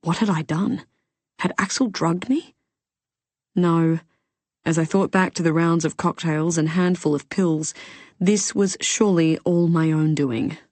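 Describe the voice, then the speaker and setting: A woman reads a first-person thriller in expressive storytelling style. Her voice sits low, and the recording is dry and close, with no room sound. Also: measured pace, no room sound. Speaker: audiobook narrator. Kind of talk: first-person audiobook narration.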